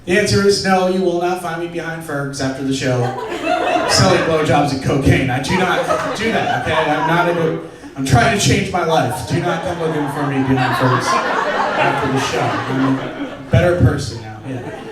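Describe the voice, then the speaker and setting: A man's voice: on the high side, moderate pace, over a noisy crowd. Crude young male stand-up in echoey club. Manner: crude, self-deprecating, conversational. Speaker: stand-up comedian. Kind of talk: stand-up set. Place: comedy club stage. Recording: echoey club, distant mic, audience laughter.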